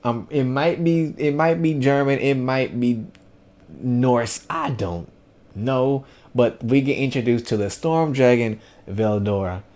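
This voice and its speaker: A man's voice: mid-range voice, takes it slowly. A man giving a casual first-impressions anime review, loose and rambling with lots of fillers and restarts. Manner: chatty, animated.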